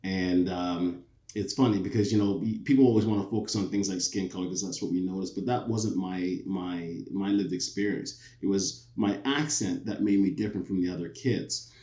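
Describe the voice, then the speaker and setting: A man in his fifties with a low voice and a Canadian accent tells his story as an interview guest. He is reflective and often restarts his sentences. His sound is dull and muffled, and the room is echoey. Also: normal speed, mellow. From born in England, raised in Toronto, Canada. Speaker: guest, retired police officer. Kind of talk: casual interview talk. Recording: echoey, dull remote audio.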